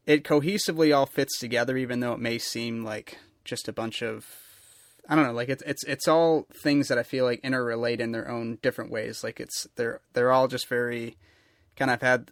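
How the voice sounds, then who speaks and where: A man's voice: mid-range voice, no room sound, studio quality. A man interviewing a guest in a casual chat, rambling enthusiastically.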